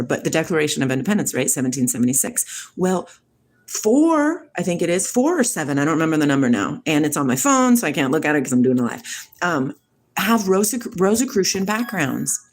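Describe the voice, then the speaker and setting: A middle-aged woman hosting a live stream, chatting casually with viewers and asking rapid, rambling questions. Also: low voice, big pitch swings, a little mellow. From United States. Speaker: livestream host. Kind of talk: casual live chat answering viewer comments.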